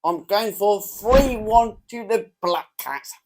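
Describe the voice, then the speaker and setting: A man's voice: high voice, expressive, slow pace. A man with an English accent eagerly giving football predictions in casual chat, with short enthusiastic replies.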